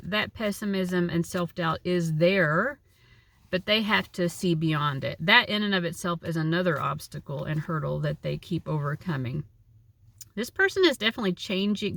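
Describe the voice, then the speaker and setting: Sprinkling in plenty of "likes" and "you knows," a woman chats her way through a relaxed tarot reading. Her mid-range voice has a fairly bright tone, and the recording is dry.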